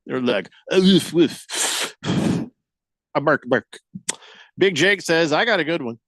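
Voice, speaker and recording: A man's voice: on the high side, animated, a little slow, pushed and bright, no room sound, studio quality. A man hosting a radio show, joking and reading listener comments aloud in casual banter.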